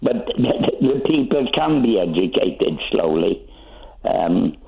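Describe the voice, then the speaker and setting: A man calling in to a radio show, talking slowly and opinionatedly with many ums. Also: low voice, very animated, vocal fry. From Wales. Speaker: caller. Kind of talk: phone-in chat. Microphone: telephone. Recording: phone line.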